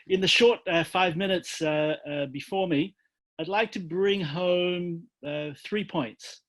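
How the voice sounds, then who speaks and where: A man's voice: high voice, takes it slowly, fairly bright tone. A man speaking as a guest on an online panel, hesitant, with many fillers and repeated words. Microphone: video call.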